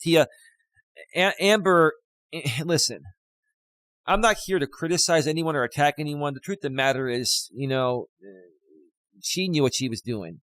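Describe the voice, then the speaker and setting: A man's voice: on the high side, normal speed, pauses often, fairly bright tone, no room sound. A man hosting a live stream as a life coach, ranting at critics and getting emotional while reading out super chats. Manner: indignant rant turning to emotional gratitude. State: emotional, near tears.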